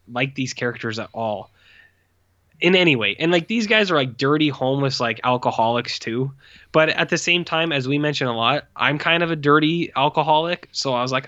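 Bright-voiced man rambling about movies. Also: medium pitch, dry recording, highs cut off. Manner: rambling, filler-heavy, acts out quoted lines. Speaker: podcast co-host. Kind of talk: casual movie review chat.

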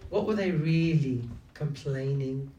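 A man's voice: mid-range voice, takes it slowly, dark tone, lo-fi sound, a little hiss or hum. A man preaching a conversational sermon who keeps asking his listeners questions. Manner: engaging, asks the audience many rhetorical questions. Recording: echoey room, distant from mic.

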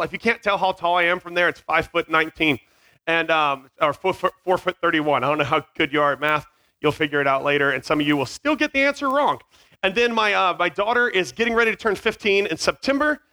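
Man, 40s, high bright voice, camp speaker wandering off on silly tangents for middle schoolers. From Virginia. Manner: scattered, self-mocking, jumps between tangents. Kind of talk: joking talk to middle schoolers. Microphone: headset mic.

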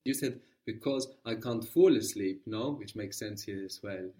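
A man teaching a guided language lesson, patiently prompting and repeating answers slowly. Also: on the low side, mellow, far from the mic.

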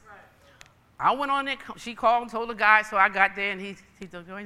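A woman's voice: mid-range voice, steady tone, brisk, sharp tone, clean tone. Emphatic woman preacher in a reverberant hall. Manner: emphatic, folksy, storytelling. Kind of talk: sermon with personal testimony.

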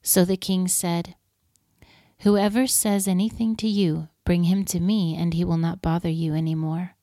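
Woman scripture reader, even and measured, lowish mellow tone, dry close sound. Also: no echo. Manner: measured, steady reading aloud.

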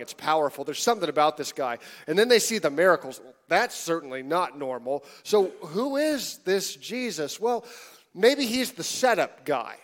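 A man preaching a sermon in a conversational, animated way, sometimes dropping to hushed tones. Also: high-pitched. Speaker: pastor.

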